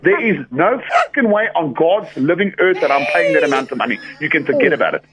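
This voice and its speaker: A man's voice: a little high, animated, quick pace. A man with a South African accent on a phone call, ranting angrily about a bill with heavy swearing. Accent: South African English. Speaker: prank call victim. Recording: muffled phone line with noise.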